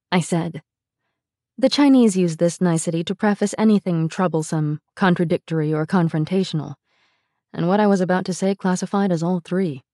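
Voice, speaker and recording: A woman narrating a memoir audiobook in a measured, vivid storytelling manner. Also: fairly low pitch, warm tone, no room sound, clean studio sound.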